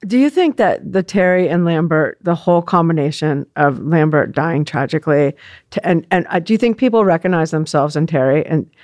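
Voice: mid-range voice, a little fast, a little mellow. An interviewer who asks questions and affirms what the guest says.

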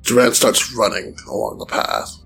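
A man playing his character in a tabletop game, quiet and earnest. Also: mid-range voice, very animated, moderate pace, creaky, husky, faint music behind. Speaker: player. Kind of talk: in-character role-play.

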